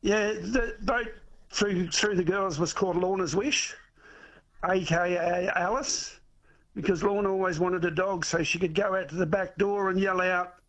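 A man calling in to a radio show, talking haltingly with many fillers and restarts. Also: high voice, steady tone, a bit bright, poor audio. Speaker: caller. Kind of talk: casual call-in chat.

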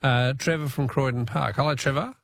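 A man's voice: medium pitch, steady tone, brisk, creaky, a bit bright, dry recording, clean studio sound. A man hosting a talkback radio quiz, joking, punning and spelling out answers.

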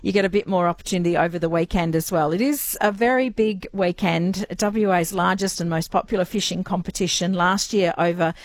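A woman's voice: fairly low pitch, fairly even intonation, fairly quick, hardly any pauses, no room sound. An Australian woman hosting a morning radio show, chatty and upbeat as she talks with a guest. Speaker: radio host. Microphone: studio mic.

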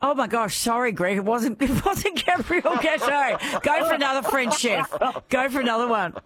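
An Australian woman hosting a radio quiz, bubbly and quick to laugh. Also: fairly high pitch, expressive, a bit bright. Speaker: radio host. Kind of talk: radio quiz show chat.

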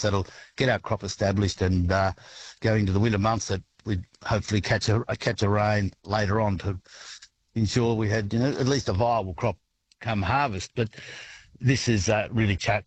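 A man with an Australian accent, a grain farmer answering a radio interview in a relaxed, halting way with many restarts. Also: on the low side, low-quality recording.

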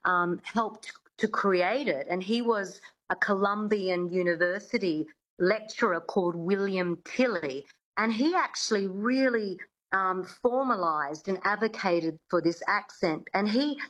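A woman's voice: medium pitch, unhurried, a bit bright, rough recording. A woman working as a dialect coach, explaining as a radio interview guest, often hesitant with fillers and restarts.

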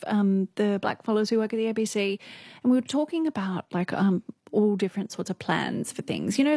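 A woman's voice: medium pitch, vocal fry, a little mellow, dry recording, clean studio sound. An Australian woman in her thirties, a news presenter chatting as a guest in an interview, full of "like" and "um". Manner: chatty, fillers like "like" and "um", laughs often. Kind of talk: casual interview chat.

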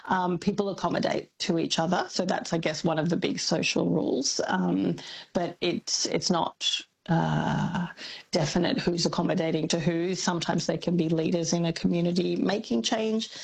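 A woman's voice: on the low side, steady tone, normal speed, creaky, darkish tone, slightly rough, poor audio. A woman, a linguistics academic on radio, speaking hesitantly with many ums. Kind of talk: radio interview.

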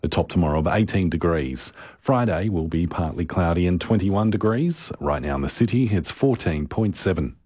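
A man with an Australian accent reading a radio weather forecast in a steady, measured way. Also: low-pitched, husky, no room sound, clean studio sound. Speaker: weather presenter.

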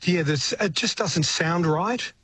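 An older Australian man answers radio interview questions as a veteran musician, his voice a bit high for a man. He muses in a rambling way and often starts his sentences over. A faint hiss of noise runs under him. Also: animated, slow pace, a bit bright. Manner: rambling, restarting sentences, reflective. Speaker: musician guest.

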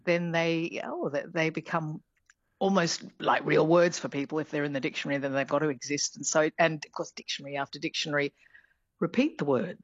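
A woman's voice: sits low, steady tone, brisk, no echo. Woman professor on a dull line. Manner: explanatory, thinking aloud. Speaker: linguistics professor guest. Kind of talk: radio interview, explaining words.

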